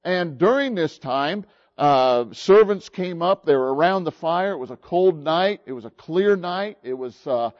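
Slow-talking man preaching a sermon. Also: fairly high pitch, animated, highs cut off. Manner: slow, halting storytelling with many fillers.

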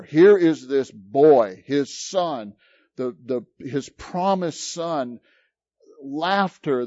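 Slow, dramatic male preacher. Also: a little high, darkish tone, no room sound, muffled recording. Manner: dramatic storytelling with rising and falling emphasis. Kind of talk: sermon.

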